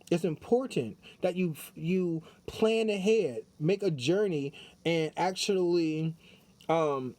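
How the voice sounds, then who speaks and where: A tarot reader with a high-pitched, darkish voice gives a casual spiritual card reading in a dry recording. He's chatty, repeats himself, and talks straight to his viewers.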